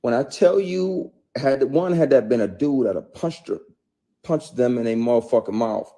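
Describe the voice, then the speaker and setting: Animated and dark-toned, his medium-pitched voice moves at a moderate pace. A middle-aged actor telling his story in a candid conversational interview, he speaks bluntly and emphatically about his work, swearing plenty as he grows more intense.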